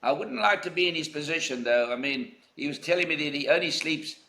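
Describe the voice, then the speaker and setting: A man's voice: on the high side, expressive, a little fast, sharp tone, echoey room. An older man from South Africa, a golf legend being interviewed, telling anecdotes in a reflective, emphatic way. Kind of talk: conversational interview.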